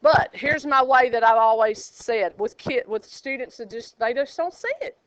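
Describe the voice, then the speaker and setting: A woman teaching a high school math class, chatty and joking, quizzing her students as she goes. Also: moderate pace, dry recording, muffled recording. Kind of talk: classroom lecture.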